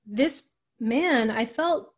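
A woman's voice: fairly high pitch, animated, drawn-out words, breathy edge. Rambling woman telling a story. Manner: rambling, heavy use of "like" and "you know". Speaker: podcast guest. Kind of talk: casual conversational storytelling.

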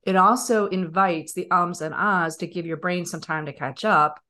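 A woman's voice: lowish voice, fairly even intonation, moderate pace, bright, forceful tone. A woman with a Long Island New York accent, hosting a podcast interview and asking the guest questions in a conversational way. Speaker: podcast host.

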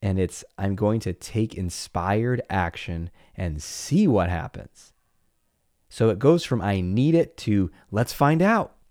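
A man in his forties talks through his own experience on his podcast, low-pitched and candid. He shifts into playful asides and acts out his inner voices as he goes. The sound is close and dry, with no room around it. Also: lively intonation, takes it slowly, darkish tone, no room sound. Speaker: podcast host. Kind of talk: reflective personal monologue.

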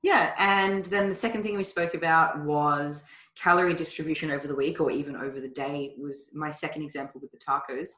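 A woman's voice: low-pitched, fairly even intonation, brisk, fairly bright tone, reverberant. An Australian woman co-hosting a podcast, chatty and playful, often drawing out her words. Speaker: podcast co-host. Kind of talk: casual chat.

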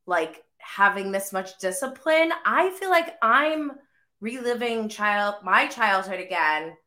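A woman's voice: mid-range voice, expressive, slow pace, pushed and bright. A woman in her thirties hosting a podcast, chatting casually and rambling with lots of fillers, coughing while getting over the flu. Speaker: podcast host and mother. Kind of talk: casual chat.

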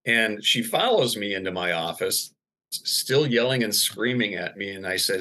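A man as a podcast guest, telling a personal faith story in an earnest, animated way. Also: fairly low pitch, normal speed. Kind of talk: personal testimony in conversation.

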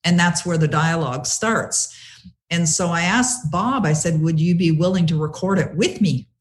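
A woman's voice: on the low side, moderate pace. A woman, a guest author, telling a story in an interview and eagerly retelling what people said to her. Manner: animated, retells conversations with lively quoting; many fillers and restarts.

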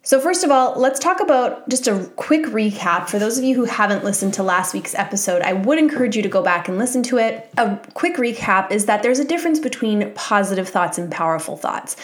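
Woman, 30s, solo podcast host, calm and encouraging, mid-pitched voice. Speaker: podcast host and mindset coach.

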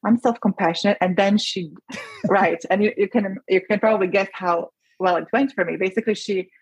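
A woman's voice: mid-range voice, steady tone, moderate pace, husky, dry recording, low-quality recording. A woman physician, a podcast guest, talking earnestly and with emotion, often restarting her sentences. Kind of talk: podcast interview.

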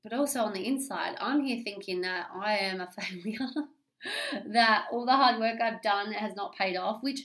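An Australian woman talking openly and at length in a solo podcast, confessional and animated, swearing freely and rambling with restarts. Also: medium pitch, normal speed. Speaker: podcast host. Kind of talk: candid solo podcast monologue.

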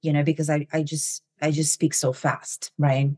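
A middle-aged woman with a foreign accent, hosting a motivational talk. She talks fast, swallows word endings and keeps tagging on "right?" and "you know". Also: deep voice, little pitch movement, mellow, no room sound. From immigrant to the US. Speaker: podcast host.

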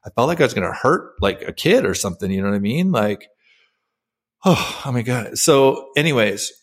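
A middle-aged former pro athlete, appearing as a podcast guest, tells his personal story candidly and emotionally, with many fillers and restarts. His voice is medium-pitched and lively, and he speaks briskly.

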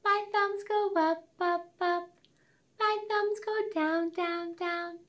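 A woman's voice: extremely high pitch, fairly even intonation, takes it slowly, a bit bright, voice pushed up, exaggerated voice. A woman voicing a wee little fairy, chanting a children's finger play in a singsong way. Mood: playful. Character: wee tiny fairy, light and playful.

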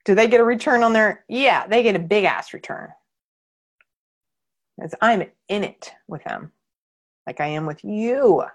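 A woman's voice: medium pitch, animated, a little slow, pauses often. A woman coaching her clients in a candid training talk, emphatic and blunt, and she swears freely. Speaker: marketing coach.

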